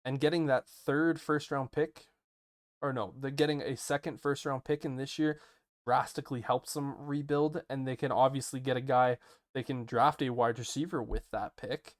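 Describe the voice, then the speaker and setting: A man co-hosting a casual sports podcast, animated and quick to ask questions. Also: medium pitch, dry recording, studio quality. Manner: animated, self-interrupting, asks questions. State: hiccuping. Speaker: podcast co-host.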